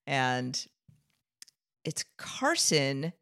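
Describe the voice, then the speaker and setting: A woman with a notably low voice recaps a TV episode for a podcast. She chats casually, laughs a lot and acts out the characters' lines as she goes. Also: very slow, creaky. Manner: animated, laughing, acts out quotes. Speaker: podcast co-host.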